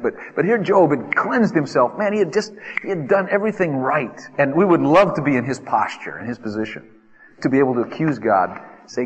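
A man preaching a sermon, acting out desperate pleas in a lively way. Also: normal speed, slightly rough, highs cut off. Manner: animated, acts out pleas with rising pitch. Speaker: pastor. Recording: reverberant hall.

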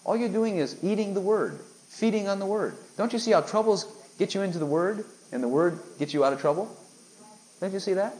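A man's voice: high voice, lively intonation, brisk, a little mellow, low-quality recording. A man preaching a sermon, emphatic and full of rhetorical questions aimed at his listeners.

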